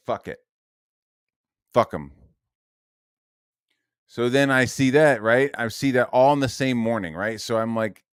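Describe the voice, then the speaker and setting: A man tears through a furious, foul-mouthed rant on his stream, tossing in "right?" and "dude" again and again. His voice comes across smooth and crisp, sitting in an ordinary male pitch. The sound is dry, with no room echo. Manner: heated, profane, repeats "right?" and "dude". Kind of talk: angry ranting stream monologue.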